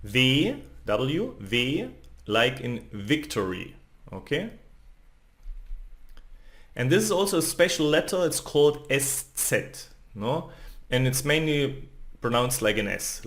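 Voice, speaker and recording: Slow-paced man teaching, lively intonation. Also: mid-range voice. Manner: often ends phrases with a questioning "no?" or "okay?"; sounds out letters and sounds one by one. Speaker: language teacher. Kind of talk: slow explanatory lesson.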